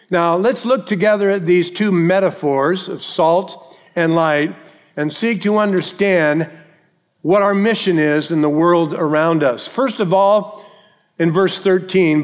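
A man preaching a sermon to his congregation, emphatic, repeating key phrases and slowing down to stress them. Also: a little high. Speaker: pastor. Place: church sanctuary. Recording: long reverb of a church hall.

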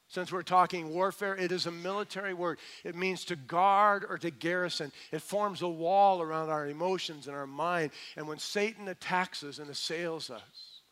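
A middle-aged male pastor preaching a sermon, building to emphatic points and then dropping soft and low.

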